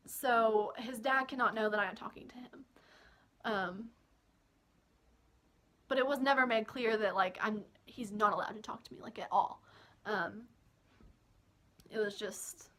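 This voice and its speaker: A woman's voice: a little high, fairly bright tone. A young woman from Kentucky telling a personal story in a casual, chatty storytime vlog with frequent giggles. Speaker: vlogger.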